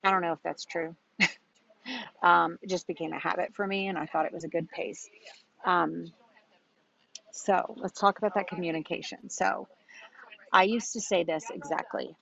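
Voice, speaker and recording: A woman's voice: lowish voice, fairly even intonation, moderate pace, gravelly, a bit bright. A woman coaching her team in a casual, chatty talk, quoting herself in a bubbly voice and laughing often. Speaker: business coach. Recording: dull lo-fi audio.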